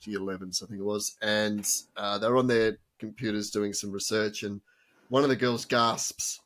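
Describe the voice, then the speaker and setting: A man's voice: lowish voice, steady tone, moderate pace, fairly bright tone. A man, a teacher co-hosting a podcast, chatting casually, cracking jokes with many ums and laughs. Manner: jokey, laughs often, hesitant fillers. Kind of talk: casual chat.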